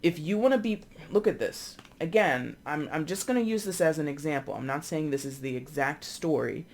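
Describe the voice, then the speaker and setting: A chatty tarot reader talking casually through a reading, wandering off into examples and asides. The voice sits at a mid pitch and carries an easy, animated manner. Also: moderate pace, slight background noise.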